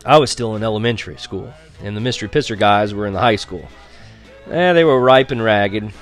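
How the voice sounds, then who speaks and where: Guy reading a kids' book aloud, lowish voice, wry, little chuckles, faint music behind. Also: fairly bright tone. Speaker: audiobook narrator. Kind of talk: scripted narration.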